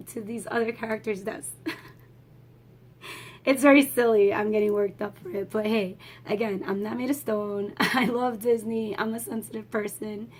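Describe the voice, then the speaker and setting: A woman giving a casual, emotional movie review vlog, swearing freely and laughing as she talks. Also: fairly high pitch.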